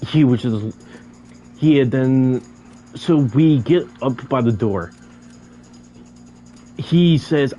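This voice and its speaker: A man's voice: medium pitch, slow pace, pauses often, mellow, muffled recording, faint music behind. A young man casually telling a story about a night out, often stuck repeating syllables before a word comes out. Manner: stammers, repeating syllables many times.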